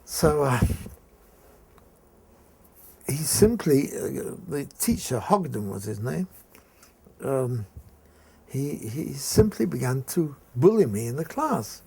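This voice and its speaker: An older man from England recounting a school memory in an interview, telling it haltingly with frequent restarts. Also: mid-range voice, very animated, vocal fry, warm tone, breathy edge. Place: indoor room.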